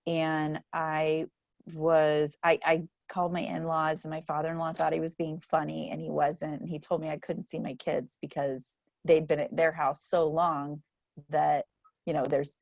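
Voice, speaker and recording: A woman's voice: low-pitched, flat delivery, normal speed, darkish tone, no room sound, clean studio sound. A middle-aged woman leading a book club, chatting casually and laughing often as she tells stories. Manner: chatty, laughs often, acts out quoted voices. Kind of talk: casual group chat.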